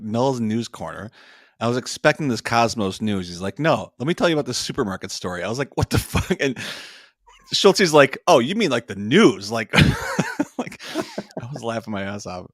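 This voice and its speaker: A man co-hosting a podcast, laughing often and swearing in quick casual asides. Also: lowish voice, animated, no echo, clean studio sound. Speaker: podcast co-host. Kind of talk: casual chat.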